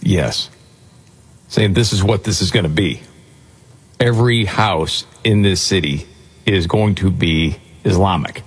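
A man with a low, husky voice hosts a casual talk show, bringing up topics for his co-hosts in an easy, conversational way. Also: a little slow, pauses often. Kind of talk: casual talk radio chat.

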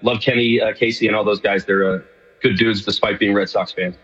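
A middle-aged man from New York speaks quickly, rambling through fillers and restarts, his voice a little husky. He comes in over a dull, lo-fi remote line. A long reverb trails behind him. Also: fairly low pitch, fairly even intonation, fairly bright tone. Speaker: guest. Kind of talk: casual radio interview.

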